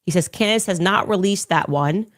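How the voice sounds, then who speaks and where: A woman's voice: on the low side, moderate pace. A woman commentator reading posts aloud and answering them in a pointed, incredulous manner, played as a clip.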